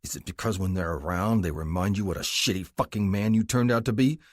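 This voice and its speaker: A man playing a hard, bitter police officer who speaks with quiet, venomous contempt. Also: low voice, a little fast, dry recording, clean studio sound. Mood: contemptuous. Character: hard, bitter former-soldier cop, male.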